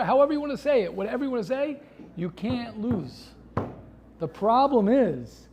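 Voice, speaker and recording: A man's voice: sits high, darkish tone. A man giving a sermon as a rabbi to a live class, impassioned and talking in repeated phrases and restarts.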